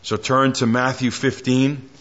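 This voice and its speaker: Slow, impassioned male preacher. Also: mid-range voice, flat delivery, lo-fi sound. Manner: impassioned preaching with dramatic rises and hushed drops. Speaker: pastor. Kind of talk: sermon.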